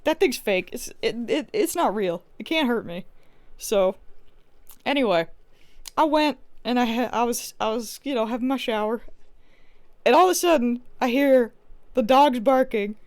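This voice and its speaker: A young woman chats on her game stream from home, her voice sitting fairly high. She rambles through a story, tripping over her words and restarting often. The sound is close and dry, with no room around it. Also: expressive, moderate pace, a little mellow, dry recording. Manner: rambling, chatty storytelling with many restarts and fillers. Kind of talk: casual livestream chat while playing a game.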